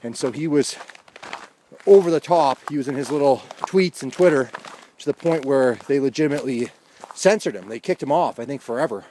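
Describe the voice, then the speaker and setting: A man's voice: mid-range voice, a little fast, warm tone, slight background noise. A man vlogging outdoors in a casual, rambling monologue with wry, chuckled asides.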